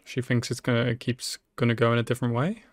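A man's voice: mid-range voice, completely flat delivery, fast talker, no room sound. A man giving emotional live reaction commentary on an anime, swearing freely and talking back to the screen. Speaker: anime reaction channel host.

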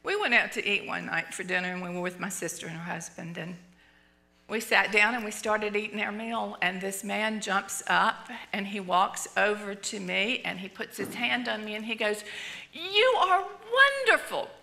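An older woman teaching in church, telling a personal story in an animated way, acting out what people said. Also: medium pitch, normal speed, gravelly. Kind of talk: storytelling sermon. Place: church sanctuary.

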